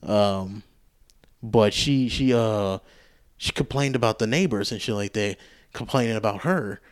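A man's voice: lowish voice, unhurried. A man hosting a casual solo podcast, telling a rambling, profane story with frequent restarts. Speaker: podcast host.

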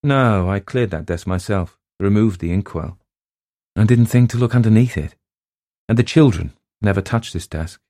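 Man putting on a no-nonsense middle-aged schoolmistress from a storybook, crisp and firm, voice raised above his low dry tone, close dead-sounding room. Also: normal speed, warm tone, no echo, close to an everyday voice. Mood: brisk. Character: brisk middle-aged woman school head, practical. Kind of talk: storybook reading.

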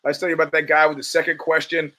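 A man hosting a podcast, talking in a rambling, animated monologue with many restarts and stammers. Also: fairly high pitch, very fast. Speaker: podcast host. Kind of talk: casual monologue.

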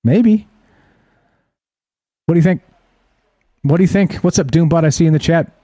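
Male streaming host, mellow slightly high voice, skeptical rhetorical delivery, dry close recording. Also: moderate pace, long pauses, breathy edge, no room sound. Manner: skeptical, rhetorical, keeps asking the audience "right?". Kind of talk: live-streamed talk show monologue.

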